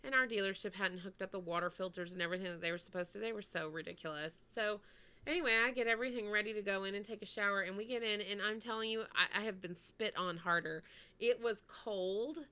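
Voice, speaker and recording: A woman's voice: mid-range voice, fast talker, sharp tone, clean tone. A woman co-hosting a podcast, telling a story in a casual, chatty way, with many "like"s and "anyway"s. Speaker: podcast co-host.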